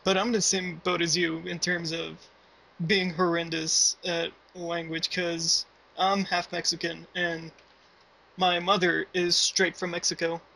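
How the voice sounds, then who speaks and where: High-pitched, bright young male host. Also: flat delivery, a little slow, vocal fry, low-quality recording. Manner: brief, easygoing questions. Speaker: interview host. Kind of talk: casual interview questions.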